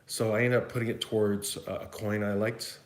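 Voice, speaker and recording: A man's voice: fairly low pitch, little pitch movement, brisk. A man from Vancouver with a West Coast Canadian accent, answering viewer questions in a casual, rambling live chat. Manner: rambling, chatty, thinks aloud. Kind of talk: casual livestream Q&A. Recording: echoey room.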